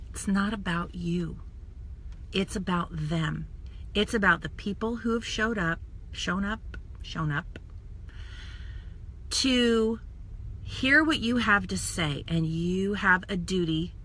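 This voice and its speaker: A woman talking casually to viewers in a live stream, chatty and energetic, speaking straight to the camera. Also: mid-range voice. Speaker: social media coach and makeup seller.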